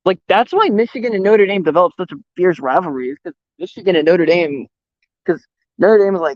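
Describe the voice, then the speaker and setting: A man's voice: high voice, expressive, fairly quick. Blunt, profane young man ranting. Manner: blunt, profane, opinionated sports talk. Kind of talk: casual chat. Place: outdoors. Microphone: voice call or stream mic. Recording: dull, slightly lo-fi dry sound.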